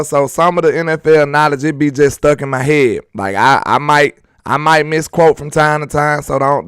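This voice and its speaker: A man's voice: mid-range voice, fairly bright tone, clear, resonant tone, no room sound, studio quality. A man hosting a sports live stream, chatting casually and reading viewer comments aloud in a laid-back, slangy, joking way.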